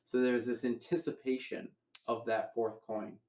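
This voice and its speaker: A man's voice: medium pitch, little pitch movement, unhurried, darkish tone, roomy sound, slight background noise, rough recording. A man teaching a coin magic routine in a casual online lecture, explaining each step and acting out his patter. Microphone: online voice call.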